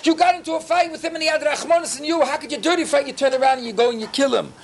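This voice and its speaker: A man's voice: very high-pitched, very fast, gravelly, slight background noise, pitched above the performer's own voice. A man voicing a stern, all-seeing God who scolds a murderer with rhetorical questions. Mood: scolding.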